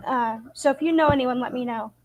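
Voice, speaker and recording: A woman from Idaho, United States, hosts her own channel in a casual interview chat. Her high voice moves briskly and she's chatty, peppering her speech with "like," and the audio is lo-fi with no room sound.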